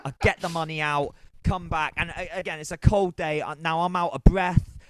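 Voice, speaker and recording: A man calling in to a podcast, telling a story in an animated way. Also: a little high, normal speed. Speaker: caller.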